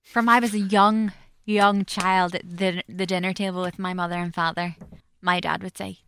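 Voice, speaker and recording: A woman chatting casually on a podcast, telling animated stories about her pet peeves. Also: on the low side, normal speed, clean tone, dry recording. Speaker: podcast co-host. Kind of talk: casual chat.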